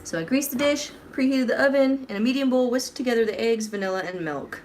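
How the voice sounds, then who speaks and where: A woman's voice: on the high side, fast, darkish tone, a little hiss or hum, low-quality recording. Chatty woman baking on a livestream. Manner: chatty, self-deprecating, reads viewer comments aloud. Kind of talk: casual livestream chat while baking. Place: home kitchen.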